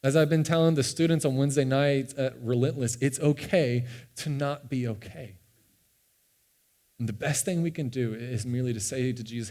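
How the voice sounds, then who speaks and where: A young man, a pastor, telling a personal story in a sermon with earnest, animated delivery and frequent restarts. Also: medium pitch, moderate pace. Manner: earnest and animated, often repeating words as he restarts. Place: church sanctuary.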